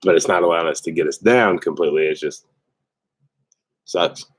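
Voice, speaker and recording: A man in his thirties co-hosting a homestead livestream, talking in a relaxed, upbeat, chatty way. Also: sits low, fairly quick, breathy edge, no echo. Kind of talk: casual livestream chat.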